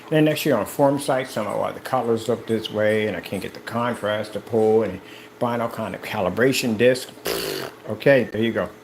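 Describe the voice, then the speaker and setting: A man presenting and selling his product in an excited vlog, talking straight to his viewers in a preachy, animated way, indoors beside a projector. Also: on the low side, moderate pace, creaky, noisy background. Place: indoor room with projector and screen.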